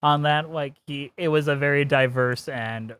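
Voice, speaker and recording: A man co-hosting a chatty podcast. He gives firm opinions and laughs often. His voice sits a bit high and sounds close and dry, with no room around it. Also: steady tone, fairly bright tone, clean tone, no room sound. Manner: opinionated, laughs often, quick vocal mimicry. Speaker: podcast co-host. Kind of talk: casual chat.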